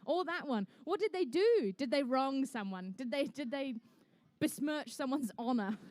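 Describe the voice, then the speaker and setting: A woman's voice: high voice, animated, moderate pace, a little mellow, no echo. A young woman emceeing a live competition, chatty and jokey with the teams as she calls the action. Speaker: event emcee and commentator. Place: indoor conference venue.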